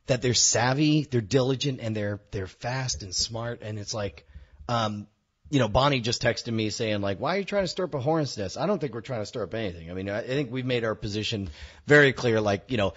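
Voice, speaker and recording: A man's voice: mid-range voice, fairly quick, fairly bright tone, husky. A man co-hosting a casual podcast, rambling with restarts and laughing often while drinking. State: drinking, tipsy. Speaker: podcast co-host. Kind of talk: casual banter. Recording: dull lo-fi podcast audio.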